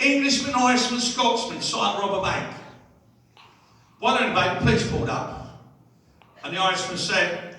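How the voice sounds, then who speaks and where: Bright-voiced comedian in an echoey hall. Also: male voice, high voice, lively intonation, normal speed, long pauses, distant mic. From England. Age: 60s. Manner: chatty, keeps asking the crowd "right?". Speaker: stand-up comedian. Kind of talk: live stand-up routine. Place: holiday village entertainment hall.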